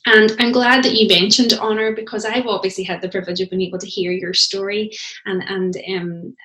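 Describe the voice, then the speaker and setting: A woman hosts an interview in a mid-range voice. She asks gentle, thoughtful questions. Her voice echoes in a roomy space. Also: medium pitch, steady tone, brisk. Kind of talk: casual interview. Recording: roomy echo.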